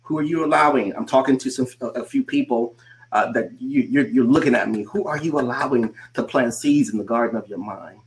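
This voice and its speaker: A man, a coach, giving a motivational talk to a remote audience. He repeats his points and asks the listener rhetorical questions, slowing down to stress key phrases. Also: medium pitch. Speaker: coach and conference speaker. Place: speaking remotely to a virtual audience.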